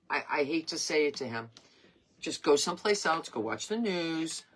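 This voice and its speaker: A woman's voice: low-pitched, lively intonation, moderate pace, breathy edge. A woman in her sixties hosting her craft page live, chatting in a rambling, earnest and emotional way. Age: 60s. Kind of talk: casual live-stream chat.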